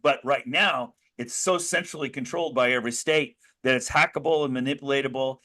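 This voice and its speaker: A man's voice: medium pitch, a little fast, sharp tone. An American man speaking as an interview guest, telling his story earnestly with many restarts and rising bursts of emphasis. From United States. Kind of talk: conversational interview.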